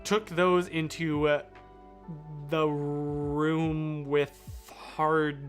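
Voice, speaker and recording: A live streamer in a casual, unhurried story mode, talking at a slow pace with a mid-range voice. The delivery rambles and keeps circling back to fix details. Faint guitar music plays underneath. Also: medium pitch, level tone. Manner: rambling, self-correcting, chatty with viewers.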